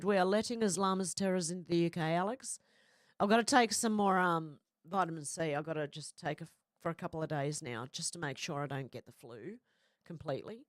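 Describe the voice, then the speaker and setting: A woman's voice: lowish voice, dry recording, studio quality. A woman who has a cold and a runny nose, chatting casually on a livestream and reading out viewer comments with frequent apologies.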